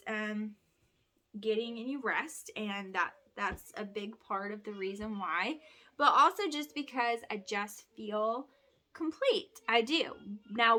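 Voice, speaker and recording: A woman chats while folding laundry at home, rambling and restarting often. Her voice is bright and sits a bit high, and she sounds worn out from lack of sleep. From Alabama. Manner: chatty, rambling with many restarts and ums. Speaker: vlogger and homeschooling mother. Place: home, indoors.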